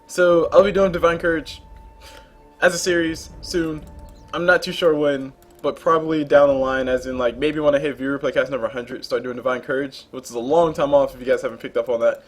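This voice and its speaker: A young man commentating a game replay in a relaxed, rambling way, full of jokey asides. His voice sits a little high and has a husky edge. He talks very fast. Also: soft background music.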